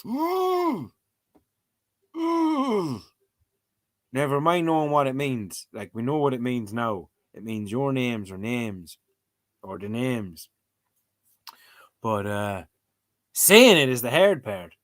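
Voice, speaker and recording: A man's voice: mid-range voice, animated, unhurried, fairly bright tone. A young Irish man vlogging casually in a playful, exasperated way, repeating words as he tries them out. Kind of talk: casual video chat.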